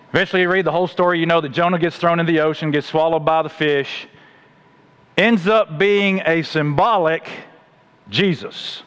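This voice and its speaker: A man preaching a sermon, telling the story with animated acted-out voices. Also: on the high side, brisk. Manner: animated storytelling, acts out voices of God and Jonah.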